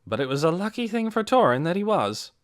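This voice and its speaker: A man voicing a brisk, no-nonsense older woman speaking matter-of-factly. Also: sits high, very animated, no echo, clean studio sound, pitched above the performer's own voice.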